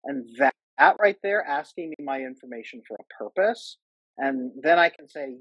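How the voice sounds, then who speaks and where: Husky-voiced man, earnest, over a livestream call. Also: medium pitch, expressive, a little fast, fairly bright tone, no room sound, rough recording. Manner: earnest, many restarts and acted-out quotes. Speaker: guest, attachment coach. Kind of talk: casual interview chat. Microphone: video call. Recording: choppy livestream audio.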